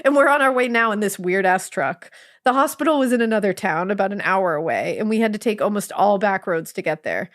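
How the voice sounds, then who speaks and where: A woman's voice: medium pitch, expressive, fairly quick. A woman podcast co-host reading a listener's story aloud in a sarcastic, swearing, laugh-prone way. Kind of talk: casual storytelling read-aloud.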